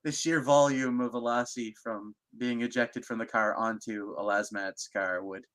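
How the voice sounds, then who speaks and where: Joking mid-pitched man co-hosting. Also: steady tone. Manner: joking, dark humor, quick to laugh. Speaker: stream co-host. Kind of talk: casual profane chat.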